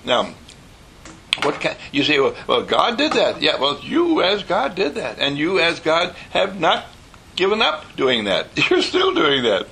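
A man gives an inspirational talk in a gravelly voice that swings up and down. He tells stories with energy and laughs easily between points. His tone is bright and forceful. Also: fairly high pitch, slight background noise. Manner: animated storyteller who acts out voices and laughs.

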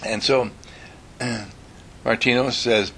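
A man teaching an audience through a slow, deliberate story with long pauses. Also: medium pitch, steady tone, sharp tone, a little hiss or hum, low-quality recording. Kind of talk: storytelling talk to a live audience.

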